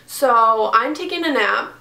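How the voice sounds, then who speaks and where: A woman's voice: fairly high pitch, expressive, a little slow, vocal fry, pushed and bright, roomy sound. A young woman vlogger retelling a story casually, exasperated and swearing freely. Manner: profane, exasperated retelling with acted quotes.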